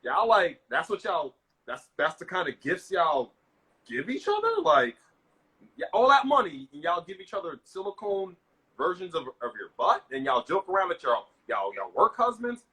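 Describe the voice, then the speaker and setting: A man's voice: sits high, very animated, moderate pace, pushed and bright, rough recording. A man hosting a casual podcast, talking loosely with frequent restarts. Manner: loose, rambling, many restarts and fillers. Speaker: show host.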